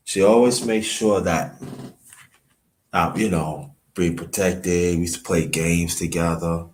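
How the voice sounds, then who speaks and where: A man from Brooklyn, telling a halting, emotional family story on a livestream and thanking viewers by name. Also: deep voice, slight background noise. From Brooklyn, New York. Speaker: livestream host.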